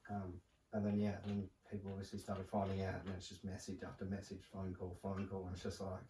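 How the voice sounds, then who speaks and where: Young man, very low voice, halting casual talk, roomy distant sound. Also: completely flat delivery. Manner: halting, soft-spoken storytelling with many fillers. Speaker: podcast guest. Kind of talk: casual podcast conversation. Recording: roomy, distant mic with faint noise.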